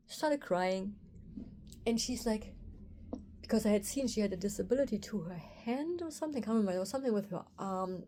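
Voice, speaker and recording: A woman's voice: medium pitch, expressive, fairly quick, mellow. A woman tells a personal story to camera, recounting events candidly and acting out her own inner thoughts as quotes. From Germany. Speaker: osteopath and video host.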